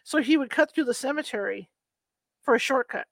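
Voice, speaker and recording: A woman's voice: sits high, a little fast, creaky, no room sound. A middle-aged woman from California telling stories in a casual chat, laughing now and then as she talks. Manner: chatty storyteller, laughs while telling. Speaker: conversation partner. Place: Sacramento, USA.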